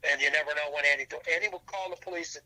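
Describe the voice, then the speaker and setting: A man's voice: a little high, fairly even intonation, very fast, pushed and bright, rough recording. An older man, a podcast guest, telling long rambling stories in casual chat, with restarts and fillers.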